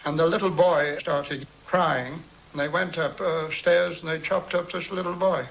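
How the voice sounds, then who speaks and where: A man's voice: fairly high pitch, fairly even intonation, unhurried, vocal fry, fairly bright tone, poor audio. A man in an interview recounting a past event in a plain, matter-of-fact way.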